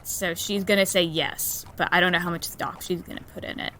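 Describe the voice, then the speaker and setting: Woman, tabletop player, chatty, bright voice, slightly low, faint music. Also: fairly even intonation, a little fast, slight background noise. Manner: chatty, talks about her character. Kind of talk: casual tabletop play.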